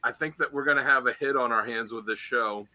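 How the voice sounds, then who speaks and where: A man with a very bright, forceful voice co-hosts a casual podcast chat. He tells stories in an animated way and acts out the quoted lines. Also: mid-range voice, brisk. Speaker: podcast co-host.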